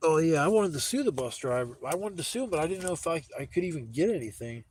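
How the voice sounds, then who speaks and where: A man's voice: fairly high pitch, sing-song, quick pace, slight background noise. A man livestreaming outdoors in the woods on a phone, telling stories in a rambling, profane way and quoting people as he goes. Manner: rambling, profane, heated retelling with quoted dialogue. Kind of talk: casual storytelling livestream.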